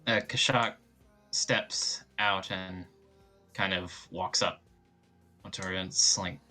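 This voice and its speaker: A man with a very low voice and a bright, forceful edge narrates his character in a tabletop game. He speaks softly and hesitantly, often restarting his sentences. Faint music plays underneath. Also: fairly even intonation, slow, long pauses. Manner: hesitant, soft-spoken, trailing restarts. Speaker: player.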